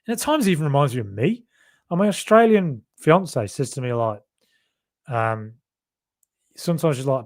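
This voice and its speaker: A man's voice: a little high, lively intonation, fairly quick, a little mellow. Chatty man with faded Birmingham accent. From Solihull, Birmingham area. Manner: rambling, self-correcting, chatty. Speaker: podcast host. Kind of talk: casual livestream chat reading viewer comments.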